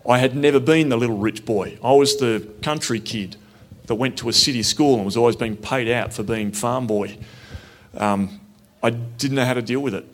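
A man speaks at an ordinary middle pitch, recounting his own story in a plain, earnest way. He sounds reflective and conversational, with easy pauses rather than polish. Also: a little hiss or hum. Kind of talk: personal storytelling talk.

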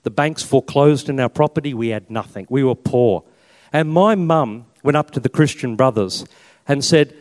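A man's voice: medium pitch, moderate pace, darkish tone. An Australian Catholic priest in his fifties giving a chatty personal testimony with slides and self-mocking humour. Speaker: Catholic priest and army chaplain. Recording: long reverb in a hall.

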